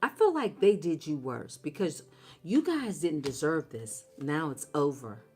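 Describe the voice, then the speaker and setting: A woman's voice: deep voice, big pitch swings, unhurried, darkish tone, husky, faint music behind. A woman giving a blunt, profane tarot reading, talking straight to her viewers with heavy emphasis. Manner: talks straight to her audience. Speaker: tarot reader.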